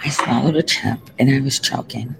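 A man's voice: mid-range voice, a little fast, gravelly, very noisy. A man giving a rambling, profane vlog update from an airport lounge, talking into a phone strapped to his arm.

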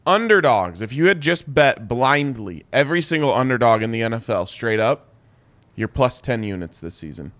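A young man co-hosting a sports betting show, clearing his throat and saying he is losing his voice as he runs through betting stats. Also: medium pitch, animated, normal speed, fairly bright tone. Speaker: sports betting podcast co-host. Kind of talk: casual sports betting chat.

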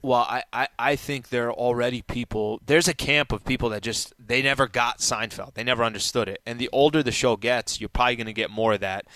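Male radio co-host, mid-range voice, dry studio sound, casual musing, pitch rises when making points. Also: fairly quick, hardly any pauses, a bit bright, dry recording.

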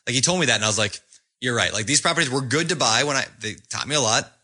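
A male podcast co-host talks fast and casually, often doubling the first word of a sentence. His voice is bright, and he talks at a lively clip. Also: medium pitch. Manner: quick, stammering starts.

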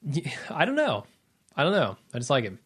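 A man's voice: a little high, wildly swooping pitch, a little fast, fairly bright tone, husky. A man in a casual film chat, easygoing and agreeable, often hesitating.

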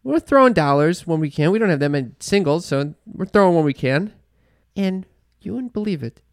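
A woman's voice: on the low side, lively intonation, a little fast, no echo, studio quality. A woman co-hosting a podcast, telling a story in casual, profane chat. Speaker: podcast co-host.

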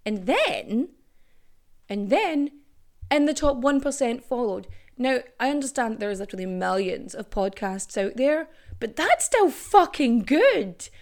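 A young woman hosting a history podcast in casual, animated chat, swearing freely. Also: fairly high pitch, measured pace. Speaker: podcast host.

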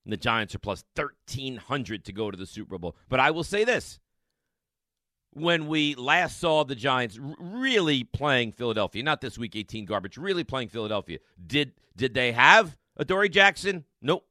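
A man hosting a sports radio show, talking in an emphatic, excitable monologue full of rhetorical questions and repeated lines. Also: medium pitch, normal speed, dry recording, studio quality.

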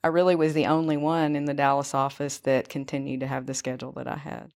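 A woman's voice: rumbling low, little pitch movement, fast, a little mellow. A woman telling her own story as an interview guest, in a conversational way full of fillers. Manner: conversational, frequent "you know" fillers.

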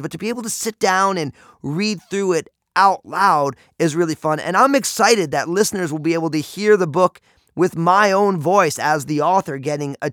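An upbeat, enthusiastic man talks about his own audiobook, sounding like a pastor and author. His voice sits a little higher than most men's and comes through dry and close with no room sound. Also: a bit bright, dry recording.

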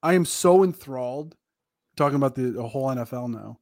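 A man's voice: mid-range voice, brisk, a little mellow, dry recording, clean studio sound. A man who teaches, co-hosting a casual sports chat in an easygoing way. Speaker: co-host, teacher.

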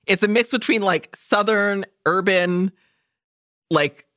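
A woman's voice: medium pitch, slow pace, no echo, clean studio sound. A woman co-hosting a podcast, retelling a movie in casual chat, swearing freely and acting out the characters' lines for laughs. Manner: profane, animated storytelling with jokey quoted voices. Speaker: podcast co-host.

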